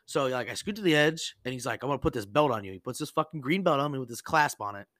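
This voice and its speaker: A man hosting a podcast, telling stories in a casual, animated and profane way and acting out the people he quotes. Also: medium pitch, fast, no room sound. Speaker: podcast host. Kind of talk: casual storytelling chat.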